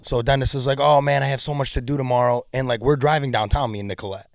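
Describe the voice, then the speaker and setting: A man's voice: mid-range voice, fast, gravelly, no room sound, clean studio sound. A man turning thirty co-hosting a casual podcast chat, telling stories with acted-out quotes and a lot of swearing. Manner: animated storyteller, acts out quotes, swears a lot. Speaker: podcast co-host.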